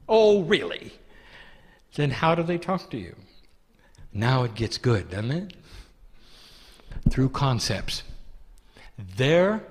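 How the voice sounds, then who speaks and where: Guy channeling spirit stuff, soft and gentle, calls ppl dear one, voice swoops up and down. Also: on the high side. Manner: gentle, affectionate, addresses listeners as "dear one". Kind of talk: channeled spiritual talk to an audience. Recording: long hall reverb.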